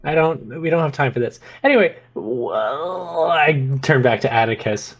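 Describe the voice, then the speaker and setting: A player in a tabletop role-playing game, talking in lively, joking banter. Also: mid-range voice, moderate pace.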